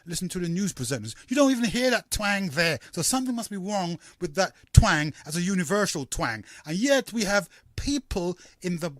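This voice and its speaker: A man from hosting a call-in radio talk show, rambling and halting with many fillers. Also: high voice, big pitch swings, a bit bright, no room sound, studio quality.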